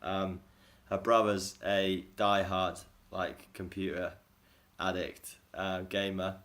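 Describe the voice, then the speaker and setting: Man, very deep voice, casual phone vlog, rambling, self-deprecating, laughs a lot. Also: flat delivery, slow, fairly bright tone. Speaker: vlogger. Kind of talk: casual daily video diary.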